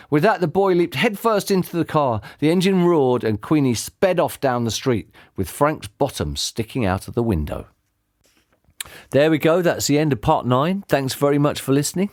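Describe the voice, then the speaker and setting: Animated male storybook reader. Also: medium pitch, no room sound, studio quality. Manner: expressive, animated reading. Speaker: audiobook reader. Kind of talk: storybook narration.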